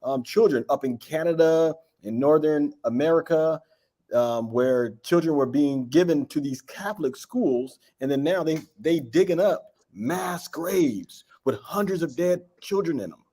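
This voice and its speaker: A man's voice: on the high side, measured pace, warm tone. A man taking part in a Bible class discussion, reading verses aloud and adding his comments in a casual way, often filling with "you know". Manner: conversational, with "you know" fillers. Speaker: class participant. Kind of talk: informal scripture discussion.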